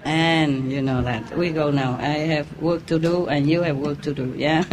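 A woman telling a joke to a crowd in halting English and laughing often. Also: low-pitched, steady tone. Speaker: speaker telling a joke to an audience. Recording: crowd and noise in room.

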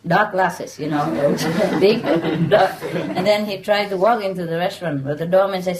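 A woman's voice: medium pitch, a little mellow, low-quality recording. Woman chuckling through her jokes. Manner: loose, halting delivery with restarts. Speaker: joke teller among friends. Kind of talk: casual joke telling.

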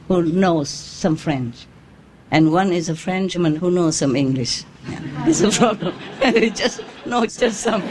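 A woman telling a joke to a crowd in halting English and laughing often. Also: on the low side, darkish tone. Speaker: speaker telling a joke to an audience. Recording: crowd and noise in room.

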